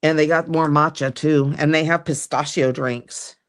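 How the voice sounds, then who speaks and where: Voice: mid-range voice, steady tone, moderate pace. A livestream host in casual chat, talking in a rambling, chatty way that often trails off mid-sentence.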